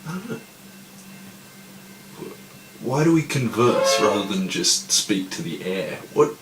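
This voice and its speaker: Stoned guy rambling, lively pitch, loses the thread, swears, echoey room w/ faint hiss. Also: slow pace. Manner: rambling, loses his train of thought, swears a lot. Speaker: podcast co-host. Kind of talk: casual chat.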